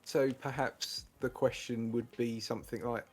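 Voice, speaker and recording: A man's voice: medium pitch, fairly even intonation, normal speed, faint music behind. A man hosting a casual online panel game, hesitant and giggly as he works out how to word the next question. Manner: hesitant, giggly, restarts phrasing. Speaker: game show host.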